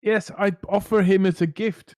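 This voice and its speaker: A man's voice: high-pitched, fairly even intonation, normal speed, a little mellow, dry recording, studio quality. A man playing a tabletop game, hesitant and jokey. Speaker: player. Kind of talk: tabletop role-play.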